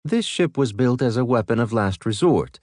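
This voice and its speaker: A man voicing a sentient male warship intelligence in an audiobook, measured and matter-of-fact. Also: mid-range voice, lively intonation, a little mellow, no echo, studio quality, voice pushed up, lightly acted. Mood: calm.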